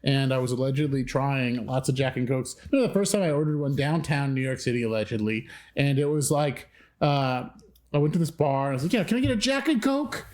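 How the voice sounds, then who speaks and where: A man in his thirties from the Midwest, co-hosting a podcast and chatting casually, telling lively stories and acting out other people's voices. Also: fairly quick. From American Midwest. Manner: animated storyteller, acts out other people's voices with big pitch jumps. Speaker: podcast co-host. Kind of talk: casual chat.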